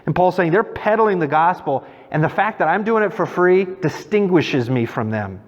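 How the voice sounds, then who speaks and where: A middle-aged male pastor preaching in a relaxed, conversational way, with a slightly higher voice. His voice carries a long church reverb and sounds dull and muffled. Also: moderate pace. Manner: conversational preaching with personal stories. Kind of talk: sermon. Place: church sanctuary.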